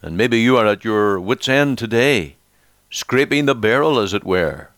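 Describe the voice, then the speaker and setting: A man's voice: lowish voice, animated, unhurried, fairly bright tone, dry recording. A man preaching a sermon, telling an illustrative story and then encouraging his listeners.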